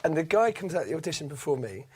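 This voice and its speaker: A man's voice: fairly high pitch, very animated, fast, a little mellow, a little hiss or hum. A man telling a comic story in casual chat, rambling with many fillers and restarts, swearing and laughing along. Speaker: comedian guest.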